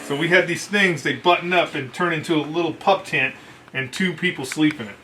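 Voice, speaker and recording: A man's voice: a little high, fairly quick, bright, forceful tone, a little hiss or hum. A man, a Marine veteran, telling a casual war story in a salty, profane, self-interrupting way.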